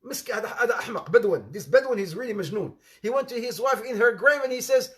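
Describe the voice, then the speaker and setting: A man giving an informal sermon, telling anecdotes in an animated way with laughter and repetition. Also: extremely high pitch, very fast, few pauses. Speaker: Islamic preacher.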